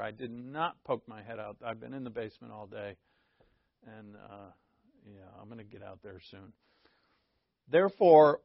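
A pastor with a medium-pitched, creaky voice gives informal Bible teaching, joking and conversational, often checking in with listeners. The recording is dull, lo-fi, and dry, with no room sound.

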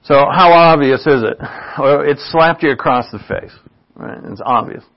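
Guy with a rough fry-y voice giving a laid-back sermon, keeps saying right?, kinda muffled lo-fi sound. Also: on the high side, normal speed. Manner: chatty, asks "right?" often, laughs at own asides. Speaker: preacher. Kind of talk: informal sermon. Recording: dull lo-fi recording.

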